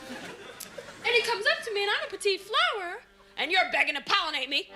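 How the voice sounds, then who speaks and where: A woman's voice: very high-pitched, sing-song, normal speed, music in the background. A woman doing a stand-up comedy routine on stage, brashly insulting the audience. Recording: live show with audience laughter and noise.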